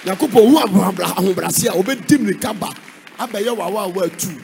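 A man from Ghana with a Ghanaian accent, preaching a sermon in a sing-song way that breaks into sudden shouts. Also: sits high, brisk, vocal fry, crowd noise, noisy background.

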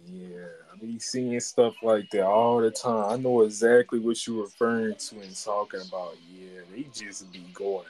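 A man's voice: lowish voice, steady tone, moderate pace, few pauses, darkish tone, poor audio. A young man hosting a casual podcast, laid-back, asking questions and giving short replies. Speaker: podcast host. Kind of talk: casual chat.

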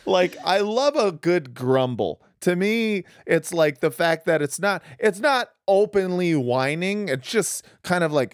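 Clear-voiced man riffing on a video call. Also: a little high, animated, a little slow, no room sound, clean studio sound. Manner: riffing, profane, laughs into jokey impressions. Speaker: podcast co-host. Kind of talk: casual comedic chat. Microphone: remote video call.

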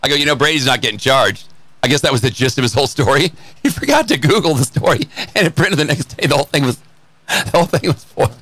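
Fast, bright-voiced sports radio man. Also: medium pitch, no room sound. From Chicago. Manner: animated storyteller, quick and bright. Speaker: radio show co-host. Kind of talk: casual sports radio banter.

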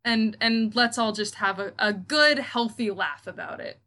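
Bright, chatty woman podcaster. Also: fairly high pitch, unhurried. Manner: chatty, interjects and laughs often. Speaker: podcast co-host. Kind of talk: casual chat.

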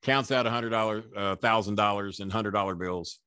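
A man's voice: on the low side, steady tone, a little fast, bright, forceful tone, clean tone, no room sound, studio quality. A man in his sixties, a wrestling manager as guest, telling long rambling anecdotes with profanity and frequent restarts. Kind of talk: casual anecdotal storytelling.

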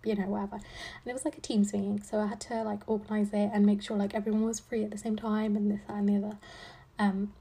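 Young woman, podcast host, breathy voice, rambling chatty talk, sarcastic asides. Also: medium pitch, flat delivery, quick pace, warm tone. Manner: rambling, filler-heavy, with frequent "like" and "um"; playful sarcasm. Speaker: podcast host, law student. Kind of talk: casual chat.

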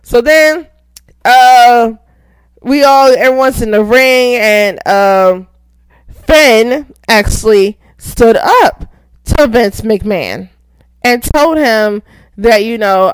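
A young woman hosting a casual recap show, excitable, laughing often and swearing freely. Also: a little high, slow, smooth, no room sound. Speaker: podcast host.

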